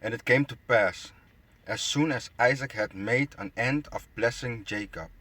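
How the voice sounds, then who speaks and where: A bible teacher with a mid-range, fairly bright voice reads scripture aloud at normal speed and comments on it, stumbling over words and tossing in mocking asides. It's a close, dry phone screen recording.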